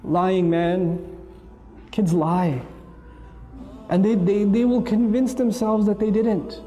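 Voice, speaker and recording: A man's voice: high-pitched, slow, pauses often. A man giving a humorous parenting talk, acting out dialogues between parents and children. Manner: animated, acts out quoted dialogue. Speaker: parenting speaker. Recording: long reverb, faint music.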